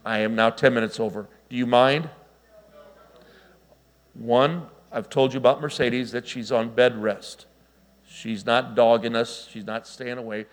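Animated man preaching a sermon. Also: mid-range voice, a little slow. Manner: animated storytelling with asides to the congregation. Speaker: pastor.

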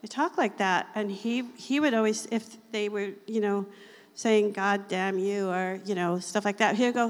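A woman giving a casual, chatty Bible teaching, laughing often and reading scripture slowly. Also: mid-range voice. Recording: long hall reverb.

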